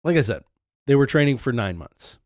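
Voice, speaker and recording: A man co-hosting a podcast, telling a history story in a casual, profane, animated way. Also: mid-range voice, fairly quick, dry recording, studio quality. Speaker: podcast co-host.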